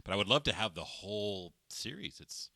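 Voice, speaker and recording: A man with a very low yet bright voice co-hosts a live stream and reads out viewers' comments in a relaxed tone. The sound is close and dry. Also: moderate pace, gravelly, dry recording. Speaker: livestream music show co-host. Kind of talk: casual chat reading viewer comments.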